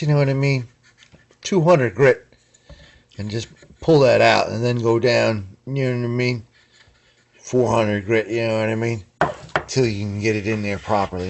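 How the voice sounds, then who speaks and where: A man showing guitar parts in a casual workshop vlog, rambling and slangy, tagging lines with "you know what I mean" and "man". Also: lowish voice. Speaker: guitar builder.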